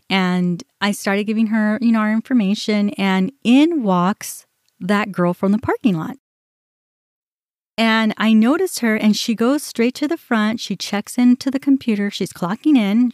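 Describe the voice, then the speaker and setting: A middle-aged woman hosting a podcast, telling a personal story in an animated way, often quoting herself and others. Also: medium pitch, no echo, studio quality. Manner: animated, quotes herself and others, restarts when upset. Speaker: podcast host.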